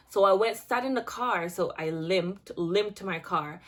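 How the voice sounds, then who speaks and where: A woman's voice: mid-range voice, a little slow, hardly any pauses. Young woman, casual storytime vlogger, chatty with lots of restarts. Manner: chatty, animated, many restarts and filler words.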